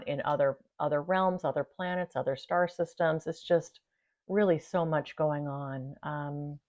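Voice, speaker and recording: A woman hosting her own channel, chatting casually to viewers, laughing easily and thanking them warmly. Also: deep voice, muffled recording. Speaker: channel host. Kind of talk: casual talk to camera.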